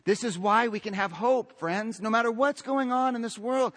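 Male pastor, high voice, emphatic church sermon, stacks up long lists and calls out to the congregation. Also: steady tone, normal speed, few pauses, a bit bright.

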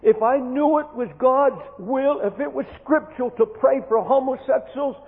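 Man, fervent preacher, very high voice, stammers into repeats, long hall reverb. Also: moderate pace. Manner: impassioned, repeats words when pleading. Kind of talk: fervent sermon. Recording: tinny hall recording with long echo.

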